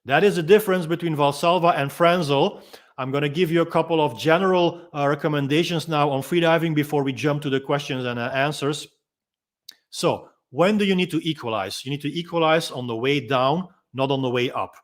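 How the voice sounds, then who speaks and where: In a demonstration of a freediving technique, the instructor, a man who grew up speaking Dutch, keeps a calm, gentle pace. His pitch is slightly high, and small ums and pauses separate his points.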